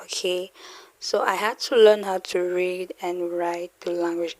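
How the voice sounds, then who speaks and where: Slow, patient woman teaching French. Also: on the low side, little pitch movement, a little mellow, no room sound. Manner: repeats each phrase slowly, then translates it; checks in with "okay?". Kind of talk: slow spoken language lesson.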